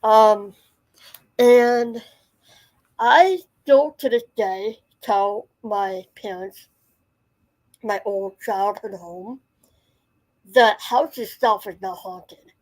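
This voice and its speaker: Slow, rambling woman telling a story. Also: mid-range voice, poor audio. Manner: rambling, full of "you know" fillers and restarts. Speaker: channel host. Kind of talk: casual storytelling.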